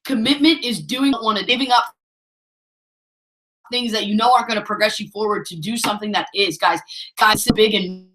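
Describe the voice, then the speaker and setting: Energetic woman coaching, echoey room. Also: medium pitch, fairly quick, long pauses. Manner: pep-talk, repeats herself, keeps saying "guys". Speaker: network marketing trainer. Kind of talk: motivational training call.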